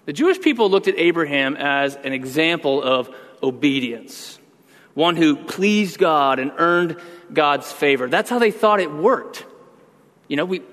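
Man, sermon, pitch a bit high, long hall reverb, emphatic, rhetorical questions. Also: a bit bright. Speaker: pastor.

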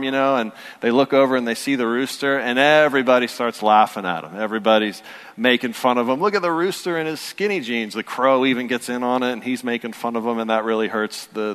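Storytelling pastor in a reverberant hall. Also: male voice, medium pitch, a bit bright, clear, resonant tone. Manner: conversational storytelling, building to earnest emphasis. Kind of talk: sermon.

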